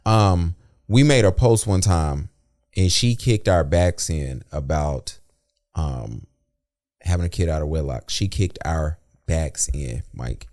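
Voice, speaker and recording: A man's voice: very deep voice, slow pace. A man co-hosting a podcast, telling anecdotes in casual chat and acting out what people said. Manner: animated storyteller, acts out quoted dialogue. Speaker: podcast co-host.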